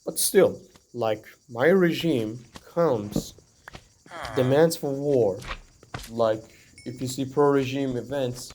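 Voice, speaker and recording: A man's voice: medium pitch, slow, background noise. A young man from Iran giving a rambling, earnest opinion monologue to the camera, full of "like" and "you know". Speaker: vlogger.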